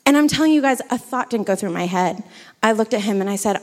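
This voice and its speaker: A woman's voice: mid-range voice, animated, fast talker. A woman co-hosting a podcast, telling a self-mocking anecdote live on stage with lots of fillers and asides. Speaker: podcast co-host. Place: theater stage before a live audience.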